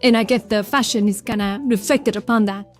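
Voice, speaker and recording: A woman's voice: medium pitch, brisk, darkish tone. A woman with a Vietnamese accent chatting casually on a livestream, rambling and greeting viewers from chat by name. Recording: faint background music.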